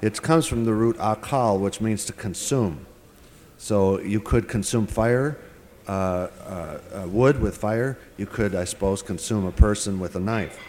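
A man giving a verse-by-verse scripture lecture, working through the text word by word with pauses and filler sounds. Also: on the low side, a little mellow, long reverb tail. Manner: deliberate, translating word by word with frequent pauses and fillers. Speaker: Bible teacher.

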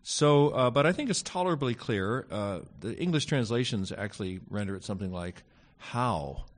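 In a relaxed lecture, a man teaches Greek grammar, often pausing with fillers and slipping in wry side comments. His voice sits in the mid-range and is expressive.

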